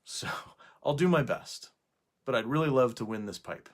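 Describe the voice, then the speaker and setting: A man talking casually to camera indoors for a video response, hesitant, with frequent pauses and fillers. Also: medium pitch, lively intonation. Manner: hesitant, with many fillers and restarts. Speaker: YouTuber making a video response. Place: indoors at night.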